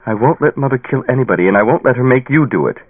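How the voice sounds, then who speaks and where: A man's voice: expressive, rapid-fire, no room sound, natural voice. A man voicing an upset, stubborn teenage daughter in an audiobook, tearful and defiant. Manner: tearful, defiant and high-pitched. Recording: tinny phone-like dry sound.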